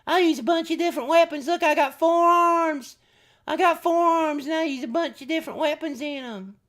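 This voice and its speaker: A man putting on a high brash four-armed bug warrior. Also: a little fast, fairly bright tone. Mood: brash taunting. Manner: brash, taunting, showing off. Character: boastful four-armed male insect warrior.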